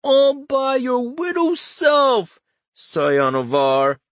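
A man's voice: a little high, very animated, unhurried, fairly bright tone, breathy edge, dry recording, pitched above the performer's own voice, exaggerated voice. A man doing a smugly condescending young lord. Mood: gloating. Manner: oily, condescending. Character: scheming young male lord, mock-sympathetic and teasing.

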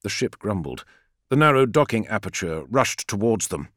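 A man reading a science-fiction audiobook as narrator, with measured, expressive storytelling. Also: lowish voice, no echo, studio quality.

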